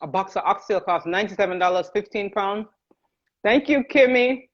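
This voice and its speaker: A Jamaican woman hosts a live cooking stream, chatting easily and laughing as she calls out viewers by name. Her voice sits at a middle pitch. The sound is a little dull and lo-fi, like a phone livestream. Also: normal speed. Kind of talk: casual livestream chat while cooking.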